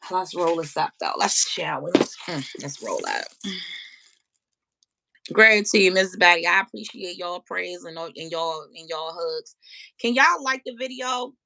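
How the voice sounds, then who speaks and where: A woman hosting a live stream, chatting casually and profanely with her viewers and telling animated stories. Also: on the low side, a little slow, creaky. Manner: addresses viewers directly.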